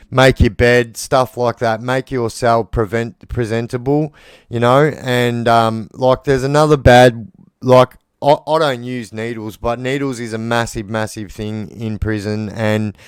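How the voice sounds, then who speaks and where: A man's voice: mid-range voice, steady tone, measured pace, smooth, no room sound, clean studio sound. An Australian man in casual monologue, bluntly rambling about prison life and swearing freely. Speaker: former prisoner telling stories.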